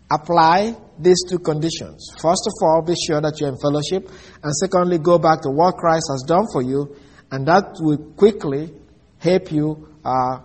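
A man delivers a sermon in a calm, teaching tone, drawing out important phrases slowly. His voice sits a little high for a man and has a husky edge. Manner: measured teaching, slows to stress key phrases. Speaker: preacher.

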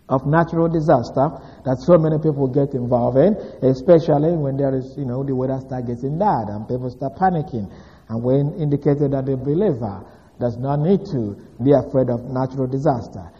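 A male pastor giving a sermon recap, deliberate with frequent fillers, rising in emphasis on key words. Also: medium pitch. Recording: dull reverberant hall.

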